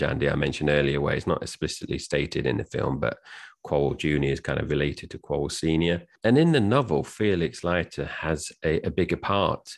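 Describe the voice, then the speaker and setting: A man's voice: a bass voice, gravelly. A man co-hosting a podcast, chatting casually about a film and reading quotes out plainly. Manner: chatty, reads quotes plainly without accents. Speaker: podcast co-host. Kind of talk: casual film review chat.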